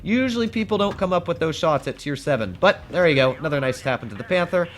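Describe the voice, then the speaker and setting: A man's voice: on the high side, expressive, fast, slight background noise. A man giving casual gameplay commentary as a gaming channel host, chatty and playful, talking to his opponents as he plays. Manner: chatty, playful, talks to enemies while playing.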